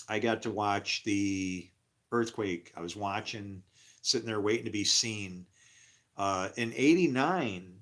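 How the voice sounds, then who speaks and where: A middle-aged man casually telling a personal story, acting out other people's voices loudly and in a raised pitch.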